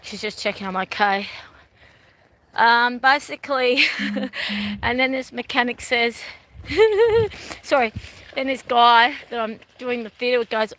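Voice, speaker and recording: Bright-voiced Australian woman, chatty. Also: fairly high pitch, a little slow. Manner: rambling, chatty, laughs often. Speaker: vlogger. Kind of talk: casual live-stream chat. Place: outdoors walking by a river.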